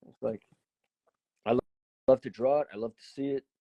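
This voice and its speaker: A man's voice: medium pitch, moderate pace, dry recording, highs cut off. Chatty man, dry close sound. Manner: animated, profane, rambling with many fillers. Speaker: host. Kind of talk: casual chat.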